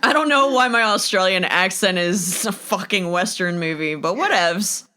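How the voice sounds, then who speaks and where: A woman co-hosting a casual comedic podcast, playful and quick to laugh, often slipping into joke voices. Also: mid-range voice, sharp tone. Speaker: podcast co-host.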